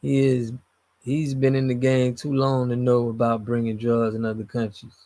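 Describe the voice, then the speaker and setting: Reading his stream's chat, a man speaks with a completely flat, dark, medium-pitched delivery at normal speed. The talk is casual and slangy, with his voice dropping away at phrase endings.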